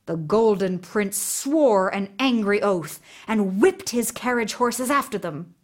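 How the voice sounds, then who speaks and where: Slow, expressive woman reading a fairy tale. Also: mid-range voice. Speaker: storyteller. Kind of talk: read-aloud fairy tale narration.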